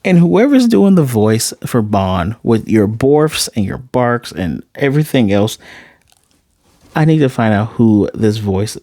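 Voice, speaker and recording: A man recapping an anime episode in casual talk, animated and quick to slip into quoted voices. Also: mid-range voice, dry recording, studio quality. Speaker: anime reviewer.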